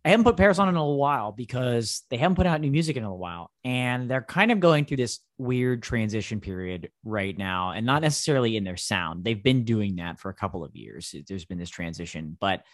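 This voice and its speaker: A man co-hosting a music podcast, enthusiastically pitching songs and bands. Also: lively intonation, brisk, hardly any pauses, dry recording, clean studio sound. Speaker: podcast co-host. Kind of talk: casual music chat.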